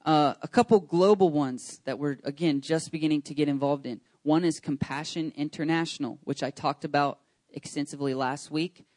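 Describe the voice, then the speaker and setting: A man in his thirties leading a church service, talking casually and excitedly. He rambles with frequent "ums" and restarts. His voice sits a little high and sounds dry. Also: normal speed, dry recording. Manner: chatty, rambling with many fillers and restarts; enthusiastic, excitable. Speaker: pastor.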